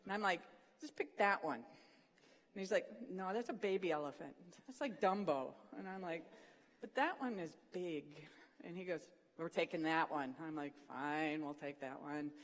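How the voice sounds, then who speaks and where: Animated devotional speaker with a mid-range voice who acts out funny stories, recorded in a large hall with long reverb. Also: medium pitch, moderate pace. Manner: animated storyteller, acts out the quotes. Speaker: speaker at a morning session of a Christian student program. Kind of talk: humorous storytelling devotional talk.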